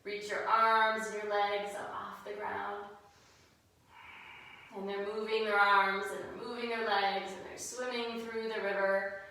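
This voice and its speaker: A woman leading a kids' yoga class as a gentle story, mixing pose cues with storytelling. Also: medium pitch, flat delivery, a little slow. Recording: very echoey room, voice far from mic.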